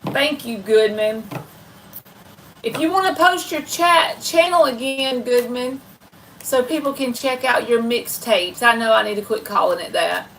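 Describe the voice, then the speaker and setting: A woman's voice: a little high, unhurried, fairly bright tone. Southern woman, folksy livestream host, slightly distant mic, light background noise. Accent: Southern American. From American South. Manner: chatty, folksy, talks to viewers in chat. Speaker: livestream tarot reader host. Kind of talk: casual late-night livestream chat.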